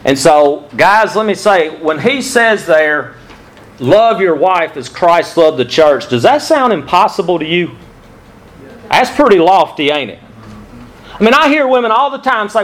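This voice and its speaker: Man preaching with a slightly raised pitch. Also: big pitch swings, measured pace, fairly bright tone, rough recording. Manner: conversational preaching, asks the men direct questions. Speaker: pastor. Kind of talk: sermon.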